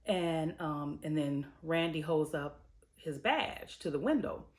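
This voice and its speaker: A woman's voice: sits low, slow. A woman host giving a casual, slangy recap of a TV episode, telling it like a story and acting out the characters' lines. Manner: lively storytelling, slipping into characters' voices; colloquial, slangy. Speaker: TV reviewer and host.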